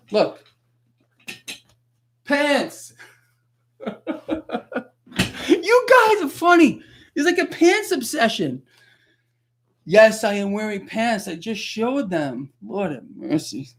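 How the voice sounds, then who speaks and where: A man hosting a livestream, ranting in an animated, sarcastic way that flares into loud outbursts. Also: high-pitched. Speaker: livestream host. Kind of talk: unscripted livestream rant.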